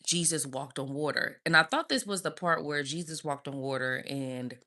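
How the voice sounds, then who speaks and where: A woman's voice: low voice, normal speed, bright, forceful tone. A woman preaching on a live stream, emphatic and calling her listeners "y'all".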